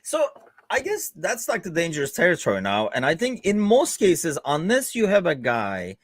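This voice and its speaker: A man's voice: fairly high pitch, wildly swooping pitch, moderate pace, no echo. An American man hosting a casual football chat show, talking loosely with a sarcastic edge and easy laughs. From United States. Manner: conversational, sarcastic, laughs easily. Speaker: podcast host.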